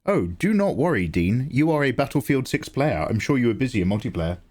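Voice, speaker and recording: With a sing-song lilt and a darkish tone, this grown man talks briskly as host of a live art stream. He's chatty, answers chat with teasing remarks, and pitches his voice upward when welcoming viewers.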